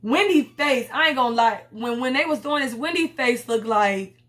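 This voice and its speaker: A woman's voice: on the high side, expressive, normal speed, fairly bright tone. A young woman reviewing a reality TV episode in a blunt, profane, slangy casual chat. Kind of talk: casual commentary vlog.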